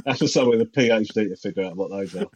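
A man's voice: fairly low pitch, rapid-fire, a little mellow, husky. A man co-hosting in casual comedic chat, teasing and needling his partner. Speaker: podcast co-host.

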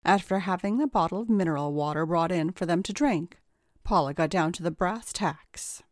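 A woman narrating a story in a steady, even storytelling manner. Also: lowish voice, moderate pace, no room sound, studio quality. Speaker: audiobook narrator. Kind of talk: scripted narration.

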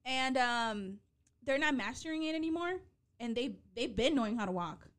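Animated, breathless woman in her late twenties. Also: on the high side, moderate pace, clean tone. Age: late 20s. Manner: animated, swears, switches into Spanish. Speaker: podcast co-host. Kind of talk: casual chat.

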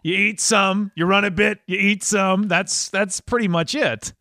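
A man's voice: high-pitched, steady tone, a little slow, bright, forceful tone, no echo, studio quality. A man from Wisconsin with a slight Wisconsin accent, hosting a podcast interview and telling stories with a laugh. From Wisconsin, USA. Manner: chatty storyteller, laughs often, acts out dialogue. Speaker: podcast host. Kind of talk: casual interview chat.

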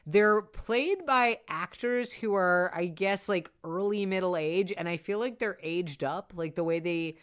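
A woman in casual conversation about a film, chatty and animated, with lots of fillers and asides. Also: on the low side, a little slow, hardly any pauses, clean tone. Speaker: podcast co-host discussing a film. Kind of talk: casual chat.

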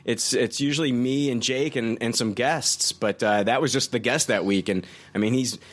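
A man hosting a podcast, talking eagerly in casual chat with halting restarts. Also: medium pitch. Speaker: podcast host.

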